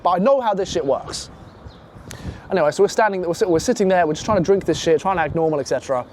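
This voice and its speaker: A young man casually telling a profane, animated story and acting out the other voices in it. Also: sits high, quick pace, a little hiss or hum.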